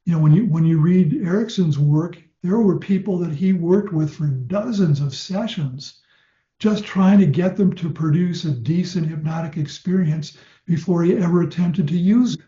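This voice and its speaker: An older man teaching clinical hypnosis in a conversational lecture style, telling stories and slowing down to demonstrate gentle hypnotic suggestions. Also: fairly high pitch. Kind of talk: lecture to trainees. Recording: dull, roomy lecture-hall sound.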